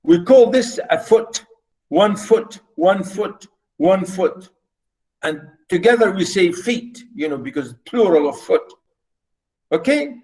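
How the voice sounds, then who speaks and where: A man's voice: high voice, animated, takes it slowly, darkish tone, poor audio. A man lecturing students over a video call, explaining poetic meter in a rambling way with many fillers and repeats. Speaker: university literature lecturer.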